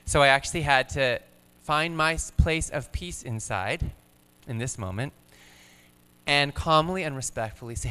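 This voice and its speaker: Man in his 30s, calm, gentle, storytelling, smooth resonant voice. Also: medium pitch, normal speed, in a large hall. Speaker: guest speaker. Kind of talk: personal storytelling on stage.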